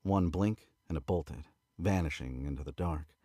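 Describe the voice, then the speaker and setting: A man with an Australian accent reading a novel aloud in a relaxed, casual way, now and then correcting his own slips. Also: a bass voice, moderate pace, dry recording, clean studio sound. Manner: relaxed, stops to correct misread words. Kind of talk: casual read-aloud narration.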